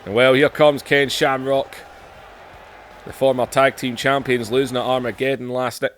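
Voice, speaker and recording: A man calls a wrestling video game play by play at a desk mic, his middle-pitched voice leaping up on big moves. He tosses in self-mocking asides between the action. A faint hiss sits behind him. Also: flat delivery, normal speed, fairly bright tone. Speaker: gaming channel host.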